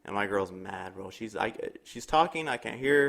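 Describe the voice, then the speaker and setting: A young man with a lowish voice co-hosts a podcast at a normal speed, spinning a long story in casual chat. He's an animated storyteller who acts out the people in it, voicing their quotes and swearing freely.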